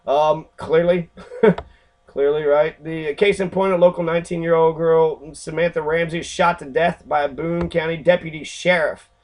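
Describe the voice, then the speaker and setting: A man's voice: a little high, steady tone, normal speed, poor audio. A man from Kentucky giving angry, profane casual commentary on civics, ranting with many fillers. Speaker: civics vlogger.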